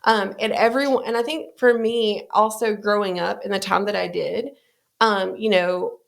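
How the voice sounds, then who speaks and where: A woman's voice: mid-range voice, fairly even intonation, normal speed, gravelly. A woman, a podcast guest speaking candidly and earnestly, with many "like"s and "you know"s. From American South. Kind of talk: candid conversational storytelling.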